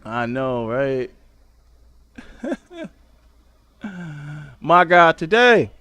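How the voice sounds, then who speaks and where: Loud roasting man, shrieks when mocking. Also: fairly high pitch, very animated, extremely slow, clear, resonant tone. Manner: repeats "you know what I'm saying" often. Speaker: livestream host. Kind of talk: profane livestream roast commentary. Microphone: streaming setup at a computer.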